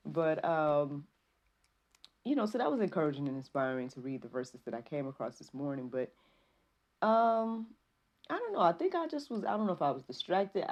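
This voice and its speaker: A woman hosting a faith podcast, talking casually and rambling with many fillers, reading Bible verses slowly. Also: sits low, a little mellow. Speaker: podcast host. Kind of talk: casual devotional talk.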